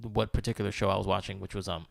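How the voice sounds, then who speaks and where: A man's voice: fairly low pitch, quick pace, vocal fry, dry recording, clean studio sound. A young man co-hosting a podcast in casual chat, laid-back, laughing often and filling his talk with "you know". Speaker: podcast co-host.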